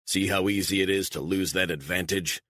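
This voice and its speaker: A man's voice: low-pitched, steady tone, brisk, a bit bright, no echo. A man voicing a cold, controlled male covert operative who speaks in curt, firm commands. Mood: stern.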